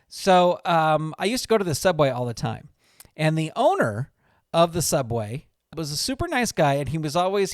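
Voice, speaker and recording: A man's voice: fairly high pitch, no echo, clean studio sound. A man hosting his own podcast, telling a story in a chatty, rambling way that stops and restarts often. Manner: rambling, self-interrupting, chatty. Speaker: podcast host. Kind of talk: casual storytelling monologue. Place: small recording studio.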